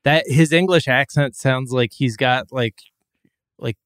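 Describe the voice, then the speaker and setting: A man's voice: mid-range voice, a little slow, fairly bright tone, clean tone, no echo, clean studio sound. A man co-hosting a podcast, bantering with incredulous, profane remarks. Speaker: podcast co-host. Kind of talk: casual comedic chat.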